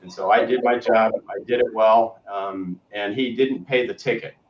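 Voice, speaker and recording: A man's voice: on the low side, fairly even intonation, normal speed. A man co-hosting a show, telling a story in a rambling casual way that often trails off to a murmur. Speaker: co-host. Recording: roomy, distant, dull lo-fi sound.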